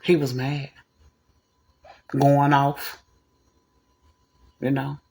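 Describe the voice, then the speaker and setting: A woman casually telling a personal story to camera, animated and blunt, cussing freely and jumping into the voices of the people she quotes. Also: rumbling low, extremely slow, gravelly. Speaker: vlogger.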